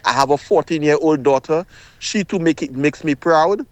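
A man's voice: a little high, normal speed, no room sound. A middle-aged man, calling in to a radio talk show with impassioned, emphatic speech that often repeats itself. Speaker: caller.

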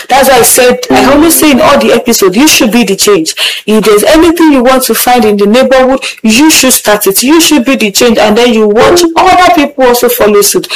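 A woman hosting a radio English lesson, repeating words slowly and carefully. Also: sits high, lively intonation, poor audio. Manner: slow, careful repetition of words, instructive. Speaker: radio host teaching English.

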